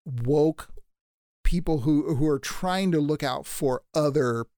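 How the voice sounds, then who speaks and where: A man's voice: a little high, slow pace, warm tone, no echo, clean studio sound. A man co-hosting a casual conversation, speaking in an emphatic, opinionated way.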